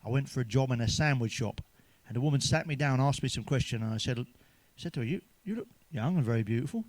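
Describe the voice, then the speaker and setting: A man's voice: mid-range voice, fast, a little mellow, no echo. A man telling crude jokes in a sweary monologue, chuckling at his own punchlines. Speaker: stand-up comedian.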